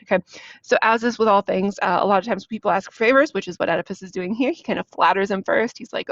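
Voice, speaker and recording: A woman's voice: mid-range voice, quick pace, dry recording. A woman teacher giving a casual literature lesson, explaining a play in loose, chatty paraphrase. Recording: dull, dry lo-fi recording.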